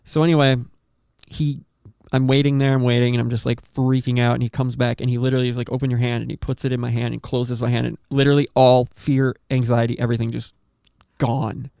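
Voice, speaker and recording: A man hosting a podcast, telling a story in a rambling, animated way with lots of swearing and acted-out quotes. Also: mid-range voice, quick pace, creaky, clear, resonant tone, no room sound, clean studio sound. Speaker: podcast host. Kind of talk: casual storytelling chat.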